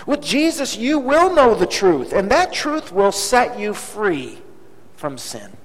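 Male preacher, high and animated, storytelling sermon, reverberant hall recording. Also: slow pace. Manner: dramatic, emphatic repetition.

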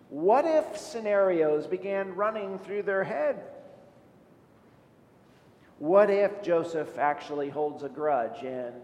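A man preaching a sermon as a pastor, speaking earnestly and asking many rhetorical questions. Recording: echoey hall with faint low rumble.

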